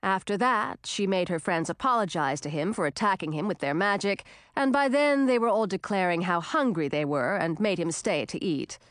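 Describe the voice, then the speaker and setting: A woman narrating a storybook in an expressive, animated reading style. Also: medium pitch, normal speed, dry recording.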